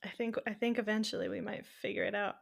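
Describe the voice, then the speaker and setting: A woman co-hosting a podcast in casual chat, playful and quick to laugh, with short reactions. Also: mid-range voice, little pitch movement, creaky. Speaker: podcast co-host.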